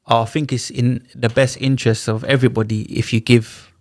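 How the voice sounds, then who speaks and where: A man's voice: medium pitch, a little fast, no echo. Slangy man, dry close sound. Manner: animated, slangy retelling with acted-out dialogue. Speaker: podcast guest. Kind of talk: casual storytelling. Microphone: studio podcast mic.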